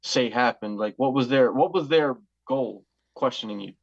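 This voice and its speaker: A man's voice: medium pitch, normal speed, creaky, dry recording, dull audio. Host man asking follow-up questions. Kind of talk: casual interview.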